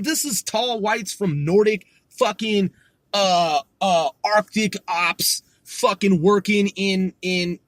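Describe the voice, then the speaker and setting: Alone on his casual podcast, a high-pitched man rambles in an excitable, profane way, chuckling at his own jokes and fumbling foreign words. No room sound is audible.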